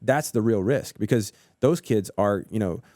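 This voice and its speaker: A man in his thirties talks through ideas on a church podcast, often restarting and repeating words as he works out what he means. His voice sits low, with a dark, mellow tone, and the sound is dry and close. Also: moderate pace, dry recording. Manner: thoughtful, repeats words as he thinks aloud. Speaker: podcast co-host. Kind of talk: casual discussion.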